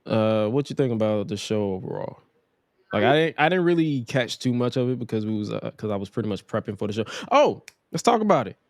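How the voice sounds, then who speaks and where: A man's voice: lowish voice, fast, a little mellow, dry recording. A man hosting a wrestling podcast, talking casually and laid-back with slang, laughing often. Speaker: podcast host.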